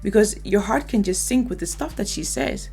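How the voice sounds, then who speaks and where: A woman's voice: medium pitch, normal speed, soft background music. A woman hosting a reaction video, commenting in an emphatic, opinionated way. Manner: emphatic, opinionated, lively asides.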